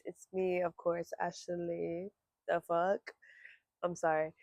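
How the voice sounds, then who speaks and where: A woman's voice: lowish voice, level tone, slow pace, a little mellow, no room sound. A young woman vlogging to camera from home, talking candidly and rambling, swearing freely. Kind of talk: casual talk to camera.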